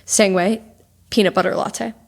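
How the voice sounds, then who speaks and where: A woman's voice: medium pitch, steady tone, moderate pace, gravelly. A young woman co-hosting a podcast, telling stories in casual chat with lots of fillers. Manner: chatty storyteller, lots of fillers. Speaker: podcast co-host.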